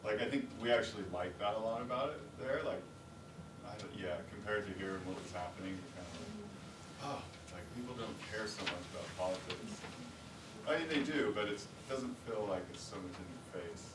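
A man's voice: lowish voice, a little fast. Distant man with a hesitant, casual way of speaking. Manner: hesitant, many "like"s. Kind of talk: casual chat. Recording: distant, roomy, noisy.

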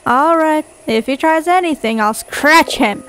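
A woman's voice: high-pitched, measured pace, fairly bright tone. A woman voicing a grumpy, protective male house cat in a game. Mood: wary.

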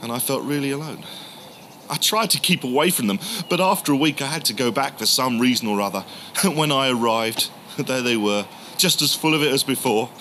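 A man telling the story in the first person as a grieving, doubting male disciple, halting and emotional, repeating words. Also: mid-range voice, animated, pushed and bright, slight background noise. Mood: angry.

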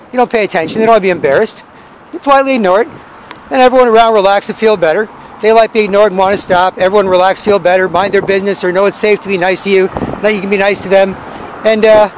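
A man rants outdoors in a city square, rambling and profane, circling back over the same points. His voice sits strikingly high for a man, and his words tumble out quickly. Faint traffic noise hums behind him. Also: low-quality recording. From Canada. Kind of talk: street vlog rant.

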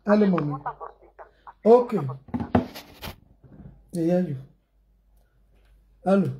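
A woman's voice: lowish voice, expressive, slow, highs cut off, background noise. A woman with a Nigerian accent talking casually to her viewers in a rambling, repetitive way, mixing in pidgin phrases.

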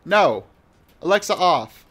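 A man's voice: high-pitched, big pitch swings, slow, fairly bright tone. Flustered man rambling over gameplay. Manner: rambling, flustered, self-mocking. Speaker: gamer. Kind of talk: live gameplay commentary.

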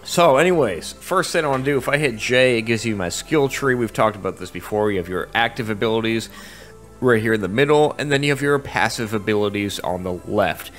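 A man talks through his gameplay in a loose, rambling way. His voice sits low, and a faint music bed plays behind him. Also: brisk, fairly bright tone. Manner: casual and rambling. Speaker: gamer. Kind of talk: let's-play commentary.

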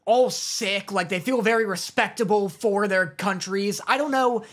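A man's voice: sits high, normal speed, fairly bright tone. A man co-hosting a podcast in casual chat, easygoing and rambling, with many "like" fillers. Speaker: podcast co-host.

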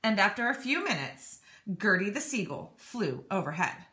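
A woman teacher reading a children's storybook aloud, animated and expressive. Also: mid-range voice, normal speed. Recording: echoey room.

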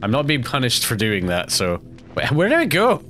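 A man's voice: mid-range voice, huge pitch swings, moderate pace. Young guy rambling over a game, voice swinging all over the place, game music going behind him. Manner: rambling, jumpy, breaks into panicked yelps and laughs. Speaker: let's play gamer. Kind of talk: casual gameplay commentary.

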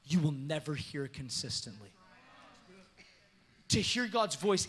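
A pastor preaching a story-driven sermon in a church, lively and animated, acting out the people he quotes and laughing as he goes. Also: fairly high pitch, breathy edge. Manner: animated, acts out quoted voices, laughs often. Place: church sanctuary.

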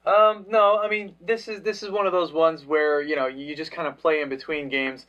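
A man's voice: a little high, fairly even intonation, moderate pace, a bit bright. Hesitant man thinking aloud, lo-fi. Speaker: board game reviewer. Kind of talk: casual play-through chat.

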